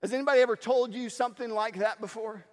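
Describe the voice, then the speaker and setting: High-voiced man preaching in a reverberant hall. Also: fast talker. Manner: animated storytelling, acts out quoted lines. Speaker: pastor. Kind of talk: sermon.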